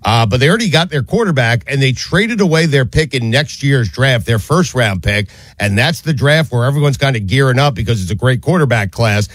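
A man hosting a sports talk show, speaking in a middle-pitched voice. He is emphatic and laughs easily as he passes the floor to his co-hosts. The sound is dry and close. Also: expressive, brisk, few pauses, no room sound. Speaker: sports radio host.

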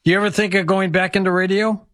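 A man's voice: high-pitched, little pitch movement, quick pace, fairly bright tone, no echo, clean studio sound. A man hosting a late-night radio talk show, interviewing a guest in a friendly, conversational way.

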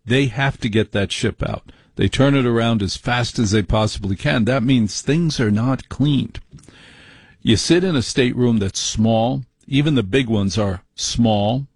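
A man in the middle of an opinionated monologue, brash and rambling, his voice a little husky. He sounds mock-exasperated. The sound is dry, with no room around it. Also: medium pitch, a little slow, no echo.

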